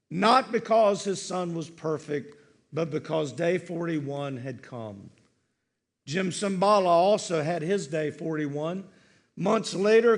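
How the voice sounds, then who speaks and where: A male pastor preaching a sermon slowly and earnestly, letting his lines fall soft at the ends. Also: high voice. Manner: slow, earnest preaching with soft, dropping line endings.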